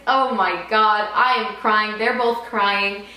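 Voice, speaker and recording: Young woman vlogger, casual storytime, excited and chatty, mid pitch, heavily echoey room. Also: slow. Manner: chatty, excited retelling with frequent laughs.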